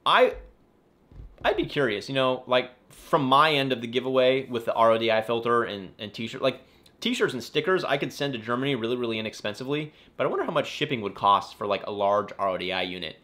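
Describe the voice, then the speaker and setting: Chatty, lively-voiced man live-streaming. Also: medium pitch, brisk. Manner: chatty, rambling, self-correcting, apologetic asides. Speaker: aquarium YouTuber answering viewer questions. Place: home in the California desert.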